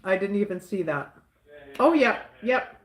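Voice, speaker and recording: A woman's voice: mid-range voice, expressive, unhurried, roomy sound. A woman hosting a livestream, chatting casually and reading out viewer comments, laughing often and repeating little catchphrases. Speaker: livestream host.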